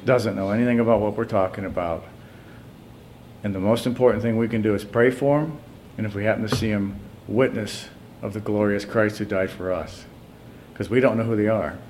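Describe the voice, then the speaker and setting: A man's voice: fairly even intonation, brisk. Emphatic male preacher with faint hiss. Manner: swings from quiet, low asides to loud, high-pitched emphatic reading. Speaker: pastor. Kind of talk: sermon.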